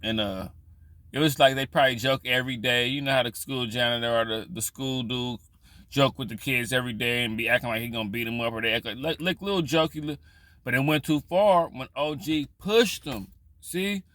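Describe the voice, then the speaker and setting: Bright-voiced man telling a rambling story. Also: mid-range voice, a little fast, no echo. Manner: loose, profane, rambling with restarts. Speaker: vlogger. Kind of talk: casual storytelling commentary.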